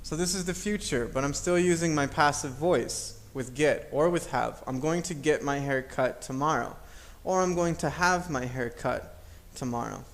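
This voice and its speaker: Male teacher, somewhat high voice, patient step-by-step grammar explainer. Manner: patient, repeats examples slowly, checks with "okay?". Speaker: English teacher.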